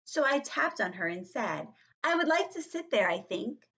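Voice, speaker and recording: A woman voicing a loud, bossy kindergarten girl in a storybook read-aloud, with a husky voice. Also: on the high side, big pitch swings, moderate pace, pitched above the performer's own voice. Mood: pushy. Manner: brash and hollering.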